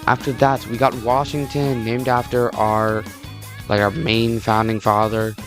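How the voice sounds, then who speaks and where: A man's voice: mid-range voice, flat delivery, measured pace, fairly bright tone, soft background music. A young man from Texas, giving rambling, jokey commentary in a casual video and often breaking off mid-sentence. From Texas, USA. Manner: rambling, jokey, self-interrupting. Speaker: video creator.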